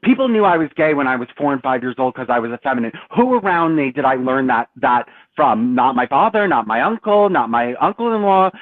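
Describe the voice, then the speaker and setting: A man arguing in a heated online debate, confrontational and repeating himself in rapid bursts. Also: mid-range voice, expressive, no echo. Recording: tinny phone-like line.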